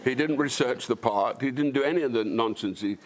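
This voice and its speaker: An older Scottish man with a Dundee accent, speaking as an actor on a discussion panel. He is blunt and wry and tells stories as he answers. His voice sits at an ordinary pitch for a man. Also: fairly quick, slight background noise. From Scotland.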